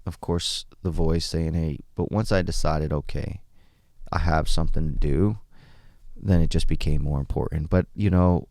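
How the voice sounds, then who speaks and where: A man speaking candidly as a podcast guest, blunt and animated, swearing freely while recounting his experiences. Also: rumbling low, creaky, no echo, studio quality. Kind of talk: candid conversational storytelling.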